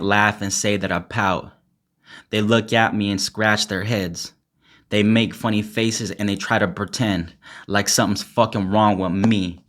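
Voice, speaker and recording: A man's voice: fairly low pitch, fairly bright tone. A young man rapping an intense, angry a cappella freestyle full of swearing, then chatting casually to his viewers. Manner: intense and angry in the verse, chatty and laughing in the outro; swears heavily. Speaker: rapper and poet.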